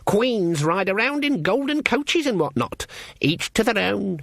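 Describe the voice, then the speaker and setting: A man's voice: high-pitched, big pitch swings, creaky, fairly bright tone, no room sound, studio quality, voice pushed up, exaggerated voice. A man putting on an icy old witch woman. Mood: stern. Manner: icy, slow, sarcastic. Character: stern old female witch, cold and cutting.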